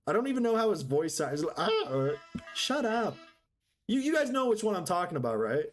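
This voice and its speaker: A man's voice: high-pitched, big pitch swings, quick pace, faint music behind. A man streaming a game live, chatting casually with his viewers in a joking, sarcastic, rambling way. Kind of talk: casual live-stream chat while gaming.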